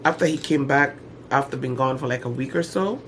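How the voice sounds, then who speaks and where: A middle-aged woman chatting to the camera in a loose storytime vlog. She tells her stories in an animated, slangy way full of dramatic asides. A faint hum of ambient noise sits under her voice. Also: rumbling low, a little fast. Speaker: vlogger. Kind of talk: casual storytime chat to camera.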